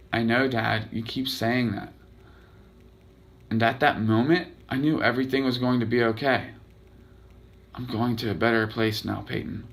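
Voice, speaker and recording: A man's voice: mid-range voice, vocal fry, a bit bright. A man reading aloud his own blog post, telling a personal story earnestly and dramatically.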